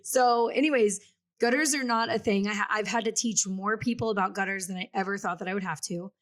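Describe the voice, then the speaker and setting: Give me a woman co-host telling chatty stories about houses, animated and conversational. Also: mid-range voice, brisk. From Kansas City area. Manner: chatty and animated, acts out quotes. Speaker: real estate agent and podcast co-host. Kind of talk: casual chat.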